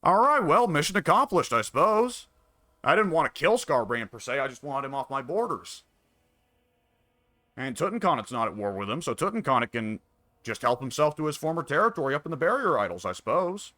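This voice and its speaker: A man's voice: medium pitch, sing-song, a little fast, sharp tone, no echo. A man casually commenting on his own strategy game, musing and wry, talking half to himself. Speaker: gameplay commentator.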